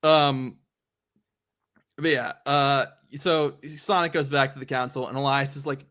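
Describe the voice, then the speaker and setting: A man's voice: medium pitch, fairly even intonation, measured pace, fairly bright tone. A man hosting a casual chat about comics, laid back and laughing often while he quotes characters. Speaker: host.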